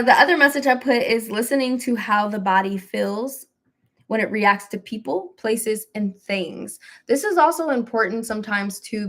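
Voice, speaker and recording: Chatty woman hosting a spiritual livestream. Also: medium pitch. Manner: warm, chatty, with laughs, mild self-deprecation and AAVE phrasing. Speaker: spiritual live-stream host. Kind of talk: casual spiritual pep talk on a live stream.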